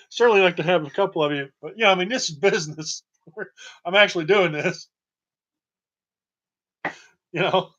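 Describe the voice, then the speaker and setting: A man's voice: high voice, a bit bright, lo-fi sound. A middle-aged man from Tennessee, hosting a podcast and telling stories in a folksy, chuckling way. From Tennessee, USA. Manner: chuckling, folksy, laughs between lines. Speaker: podcast host. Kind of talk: casual storytelling.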